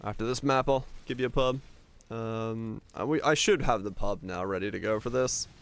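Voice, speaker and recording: Gravelly, smooth-voiced male streamer. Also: lowish voice, moderate pace. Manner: rambling, answers chat questions, thinks aloud. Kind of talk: casual gameplay chat with chat.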